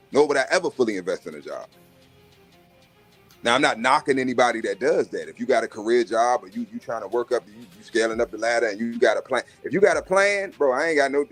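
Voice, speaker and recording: A man's voice: medium pitch, expressive, quick pace, fairly bright tone, breathy edge, soft background music. A man hosting a live stream, telling brash, profane stories about job interviews. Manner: brash, swaggering, profane, acts out other voices. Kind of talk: profane casual storytelling rant.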